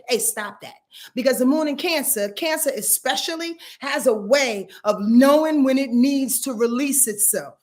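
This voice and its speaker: A woman giving a casual astrology forecast, talking in an earthy, emphatic way and swearing freely. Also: sits high.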